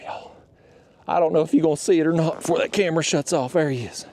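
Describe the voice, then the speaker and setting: A man's voice: on the high side, fast talker. Folksy man on a kayak. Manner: folksy and chatty, talks out loud to the fish. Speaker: kayak fishing channel host. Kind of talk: casual on-the-water vlog talk. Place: outdoors on a kayak on a reservoir. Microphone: camera mounted on the kayak.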